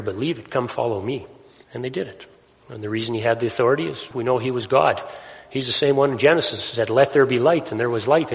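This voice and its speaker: A man delivers a sermon in an easygoing, explanatory voice at an ordinary pitch, often pausing to ask "right?" His words carry a long reverb, as if he is speaking in a large church hall. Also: a bit bright. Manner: conversational preaching with frequent "right?" asides. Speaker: pastor.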